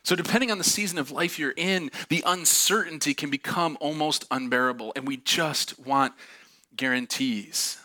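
A man preaching a sermon in church, telling a funny family story, animated and laughing often. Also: on the high side, normal speed. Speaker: pastor. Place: church auditorium.

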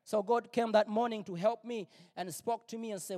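A middle-aged male pastor preaching a personal testimony, emphatic and repetitive, sometimes rising to near-shouts. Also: high voice, fairly even intonation, moderate pace, few pauses. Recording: long reverb, big hall.

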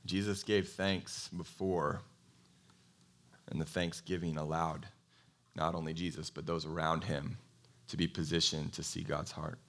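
A man preaching a sermon in a conversational, animated way, telling a Bible story and asking his congregation questions. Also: a bass voice, measured pace. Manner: animated storytelling, acts out quoted voices. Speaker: pastor.

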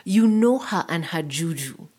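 A woman's voice: on the low side, animated, a little slow, dark tone, slightly rough. A woman reading the part of a stern, worried middle-aged father who speaks firmly. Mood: scolding. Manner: firm, scolding.

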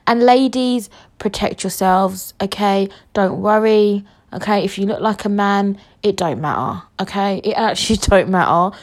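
A young woman tells a story on her podcast. Her voice sits at a middle pitch as she talks in a brash, jokey, rambling rant. She swears freely, with a loud, cheeky, unfiltered delivery. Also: normal speed, few pauses. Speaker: podcast host. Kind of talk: casual story-time monologue.

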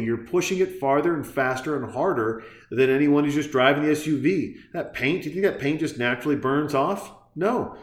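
A man hosting a podcast, delivering a crude, heated and sarcastic rant as casual commentary. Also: medium pitch. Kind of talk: profane ranting commentary. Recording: echoey room.

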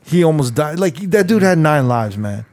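A man co-hosting a casual chat, swearing freely and telling stories with animated energy. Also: fairly high pitch, normal speed, dry recording. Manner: profane, animated storytelling.

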